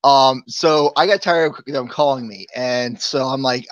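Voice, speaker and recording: A man's voice: medium pitch, a little fast, hardly any pauses, no echo, lo-fi sound. A man chatting casually on a live show, telling long rambling stories and chuckling often.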